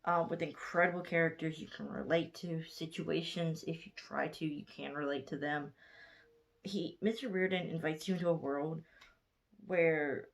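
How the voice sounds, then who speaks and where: A woman in her twenties with a Southern US accent gives a casual book review vlog. She sounds sleepy from being up late and rambles along in a fairly low voice, stopping to correct herself and gushing over what she loved. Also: fairly even intonation, moderate pace, vocal fry. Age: 20s. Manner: rambling, chatty, gushing, with frequent self-corrections. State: sleepy, yawning late at night.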